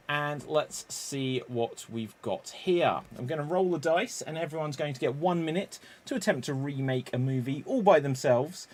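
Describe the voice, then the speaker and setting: A man hosting an improv comedy game with brisk, wry announcements. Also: fairly high pitch. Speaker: host.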